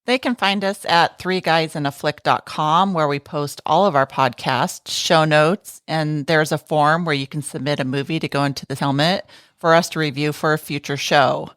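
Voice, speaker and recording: A woman's voice: low-pitched, fairly even intonation, moderate pace, fairly bright tone, dry recording, clean studio sound. A woman guest co-hosting a casual movie podcast, reading out where to find the show in a breezy way. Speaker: guest co-host.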